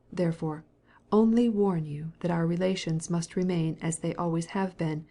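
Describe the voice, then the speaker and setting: A woman's voice: on the low side, warm tone. A woman voicing a stiff, proud male official who speaks to his wife in a cold, clipped, formal way.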